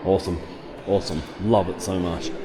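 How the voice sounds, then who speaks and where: A man's voice: low-pitched, steady tone, a little fast, a loud crowd. A man giving an enthusiastic walking-tour vlog outdoors at an archaeological site. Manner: enthusiastic, exclaims often. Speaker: travel vlogger.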